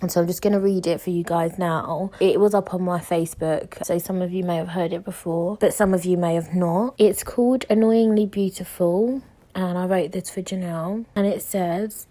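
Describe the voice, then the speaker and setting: A woman's voice: fairly low pitch, steady tone, moderate pace, mellow. A woman hosting her own podcast, talking casually and candidly, full of "like" and "you know", and open about her feelings. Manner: chatty, candid, heavy use of "like" and "you know". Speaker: podcast host. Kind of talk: casual solo podcast chat.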